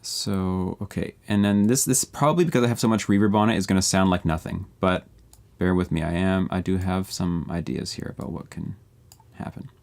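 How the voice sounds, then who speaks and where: Low, gravelly man thinking aloud. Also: fairly even intonation, brisk, few pauses, a little mellow. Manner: casual, thinking aloud while working. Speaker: music producer streamer. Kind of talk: live beat-making walkthrough.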